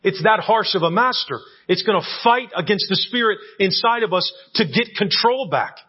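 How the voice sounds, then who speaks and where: Husky-voiced pastor preaching a sermon. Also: male voice, high-pitched, animated, moderate pace. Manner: conversational preaching, often asks "right?". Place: church sanctuary. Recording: dull lo-fi church audio recording.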